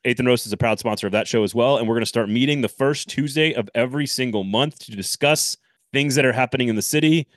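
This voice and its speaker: A man co-hosting a casual sports podcast, animated and rambling, often laughing and restarting. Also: medium pitch, quick pace, no room sound, studio quality. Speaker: podcast co-host.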